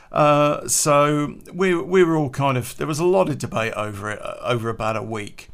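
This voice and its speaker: A man's voice: on the high side, moderate pace, few pauses, fairly bright tone, clean tone. A man telling a casual anecdote, chatty, swearing freely and laughing at his own story.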